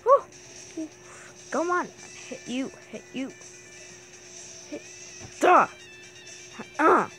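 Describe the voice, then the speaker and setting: Brief: female gamer host, casual play-by-play, lively pitch, easily startled into shrieks, talks to herself. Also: takes it slowly, pauses often, faint music behind. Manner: excitable, bursts into shrieks and yelps; talks to herself while playing. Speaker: gaming channel host. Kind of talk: casual gameplay commentary.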